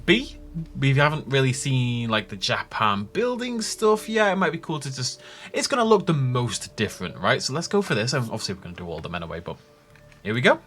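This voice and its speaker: An enthusiastic male gaming host narrating his playthrough with jokes and laughs. His mid-pitched voice swings widely up and down. Faint music plays behind. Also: brisk. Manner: animated, jokey, enthusiastic. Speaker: gaming YouTuber. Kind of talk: gameplay commentary.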